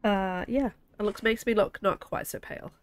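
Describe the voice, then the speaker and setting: A woman streaming a game, chatting and thinking aloud excitedly, a little under the weather. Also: medium pitch, normal speed. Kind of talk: casual game commentary.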